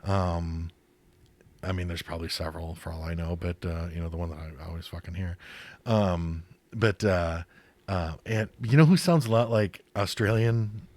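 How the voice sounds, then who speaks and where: A man's voice: deep voice, moderate pace, a little mellow. A man co-hosting a podcast in casual chat, rambling with many fillers and frequent swearing. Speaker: podcast co-host.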